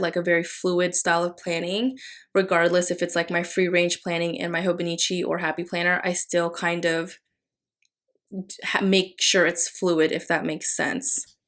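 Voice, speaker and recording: Young woman, lowish voice, casual chatty voiceover, planner vlog narration. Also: flat delivery, moderate pace, a bit bright. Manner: casual, chatty, with fillers and apologies. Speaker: planner vlogger.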